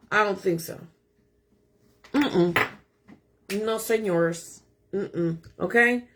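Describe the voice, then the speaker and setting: A woman's voice: mid-range voice, very slow, pauses often, fairly bright tone. A middle-aged woman real estate agent talking casually to viewers, emphatic and self-assured. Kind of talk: casual live talk to viewers.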